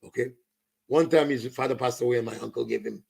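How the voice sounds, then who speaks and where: A man's voice: medium pitch, fairly even intonation, fast talker, gravelly, a little mellow, breathy edge. A man with a Saint Lucian accent ranting about politics, slipping into Creole and French. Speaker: political commentator. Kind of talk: impassioned political rant.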